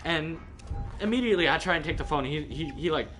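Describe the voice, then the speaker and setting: A man telling a story in casual chat with friends, animated and swearing, often laughing and acting out people's voices. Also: fairly high pitch, fast talker, soft background music. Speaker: streamer. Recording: faint background noise.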